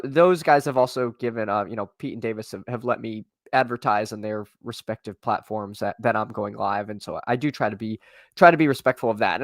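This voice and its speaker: A man's voice: mid-range voice, no echo. Chatty man on a dry live stream. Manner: rambling, many restarts and fillers, talks to chat. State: voice tiring. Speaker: streamer and fantasy football drafter. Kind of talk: casual live-stream commentary.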